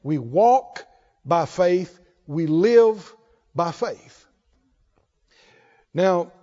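In a church hall, a man with a high, mellow voice preaches a sermon, repeating key phrases and calling on the congregation to say them along with him. The recording sounds dull and echoey.

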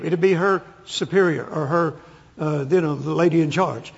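A man with a slightly high, husky voice and some vocal fry preaches a storytelling sermon at a normal pace, mixing in folksy humor. He addresses an audience in a large hall, and the recording is echoey and muffled.

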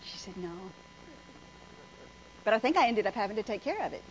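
Rapid-fire and sing-song, with fairly high pitch, a woman preacher tells story after story in a folksy, humorous sermon. There's slight muffling and a little faint noise on the recording.

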